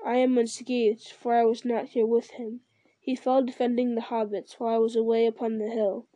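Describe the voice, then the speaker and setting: A woman's voice: on the high side, level tone, moderate pace, warm tone, no echo, close to an everyday voice. A woman reading as Aragorn, grave weary leader. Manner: solemn, weary. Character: grave male ranger and leader, burdened.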